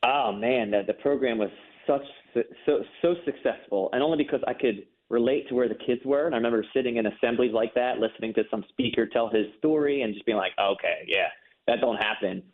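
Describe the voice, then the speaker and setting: A man's voice: medium pitch, fast talker, hardly any pauses. A man telling his personal story as an interview guest, earnest and emphatic, repeating words when moved. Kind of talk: personal testimony in a faith interview. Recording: phone-line audio.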